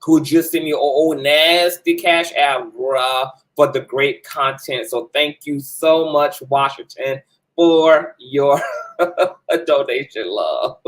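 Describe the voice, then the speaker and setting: A man's voice: medium pitch, slow, a bit bright, rough recording. A man hosting his own commentary channel, chatting casually and flamboyantly with viewers, full of profanity and playful asides.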